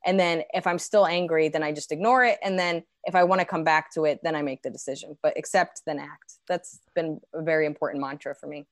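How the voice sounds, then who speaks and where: A woman comedian chatting as a podcast guest, lively and laughing, acting out her own rants. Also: sits low, brisk, hardly any pauses, no room sound, clean studio sound. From United States. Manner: animated, laughing, acts out rants. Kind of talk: casual podcast chat.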